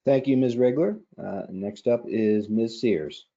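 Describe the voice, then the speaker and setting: A man's voice: mid-range voice, measured pace, warm tone. A man moderating a forum and introducing each speaker briefly. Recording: dull lo-fi audio.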